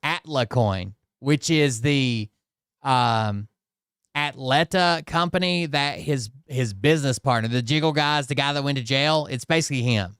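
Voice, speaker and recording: A man's voice: medium pitch, measured pace, fairly bright tone, smooth, dry recording, studio quality. A man hosting a commentary channel, reacting to clips in a casual, skeptical way with frequent restarts and mocking asides.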